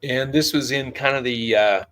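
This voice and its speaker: A man's voice: mid-range voice, fairly even intonation, normal speed, a bit bright. A man hosting a casual interview, making easygoing remarks and short words of agreement. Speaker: show host.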